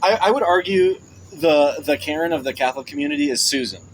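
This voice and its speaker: A young man with a fairly high voice talks fast against a noisy background. As a podcast guest, he chats casually, telling jokey stories and laughing often.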